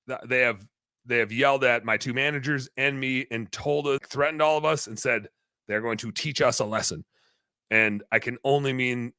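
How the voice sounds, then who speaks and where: Bright-voiced man telling a story. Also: medium pitch, dry recording. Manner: rambling, animated, lots of fillers. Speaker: podcast host, business owner. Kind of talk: casual storytelling on a podcast.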